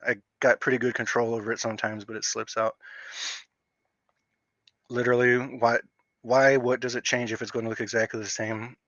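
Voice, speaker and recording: A man's voice: mid-range voice, level tone, brisk, long pauses, fairly bright tone, no echo, dull audio. A man with a slight stutter hosting a casual livestream rant, rambling through thoughts with lots of fillers and restarts. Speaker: livestream host.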